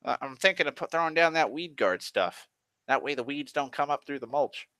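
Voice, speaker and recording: An impatient, nagging homeowner, mimicked by a man, repeats his demands over and over in an eager, pushy tone. The voice is bright and a little sharp. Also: medium pitch, animated, brisk, dry recording, studio quality, pitched above the performer's own voice.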